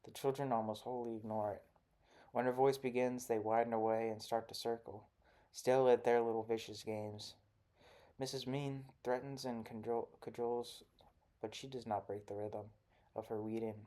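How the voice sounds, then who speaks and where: A man narrating a literary short story in a measured, even reading. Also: mid-range voice. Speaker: audiobook narrator.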